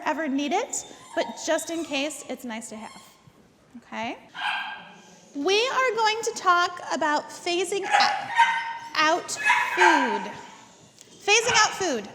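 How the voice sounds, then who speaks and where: A woman's voice: high-pitched, a bit bright, long reverb tail, slight background noise. A woman teaching a dog training class. She gives step-by-step instructions, repeats words for emphasis and often checks in with "okay?". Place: indoor dog training facility.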